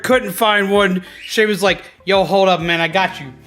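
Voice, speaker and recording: A man hosting a casual livestream, chatty and excitable, greeting viewers and repeating himself. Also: sits high, normal speed, few pauses. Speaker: livestream host. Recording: faint background music.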